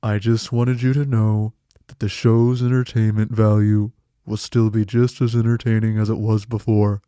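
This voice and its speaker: A man's voice: fairly low pitch, clean tone, no room sound, clean studio sound, lightly acted. A man doing a gloomy solemn stand-in host. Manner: slow, flat, mournful delivery. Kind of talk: comedy podcast bit.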